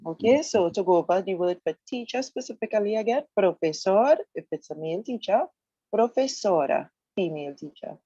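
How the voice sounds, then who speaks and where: A woman's voice: medium pitch, lively intonation, warm tone, slightly rough, no echo, muffled recording. Patient woman teaching on the radio. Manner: patient, explanatory, repeats words slowly. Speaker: Spanish teacher. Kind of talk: radio language lesson.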